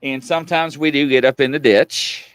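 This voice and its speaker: A man hosting a live show, telling stories in a rambling, animated way. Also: medium pitch, normal speed, smooth, no room sound. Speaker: livestream show host. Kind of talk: casual live-show chat.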